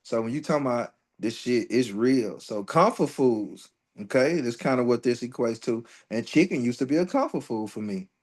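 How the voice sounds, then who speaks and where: A man's voice: mid-range voice, lively intonation, normal speed, few pauses. A man teaching an astrology workshop in a loose, profane, joking way. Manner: loose and profane, jokes and laughs between readings. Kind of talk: casual astrology workshop talk.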